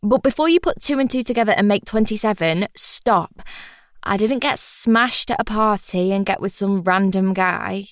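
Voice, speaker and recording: A woman's voice: medium pitch, moderate pace, dry recording, clean studio sound. A woman reading a first-person audiobook in a wry, chatty, confiding manner. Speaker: audiobook narrator.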